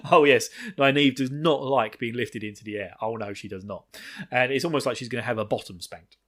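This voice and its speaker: This podcast host is a man chatting casually as he recaps a book chapter, rambling, laughing, swearing now and then, and tossing in quick acted-out quotes. His voice sits at a medium pitch with a slightly bright tone.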